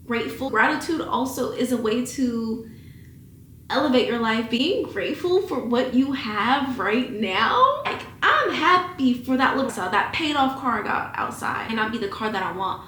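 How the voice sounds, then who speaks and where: A woman's voice: a little high, lively intonation, measured pace, fairly bright tone, roomy sound, a little hiss or hum. A woman in her twenties giving a candid, emotional big-sister pep talk at home, with some casual swearing. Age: 20s. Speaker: vlogger. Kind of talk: casual chat to camera. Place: at home, indoors.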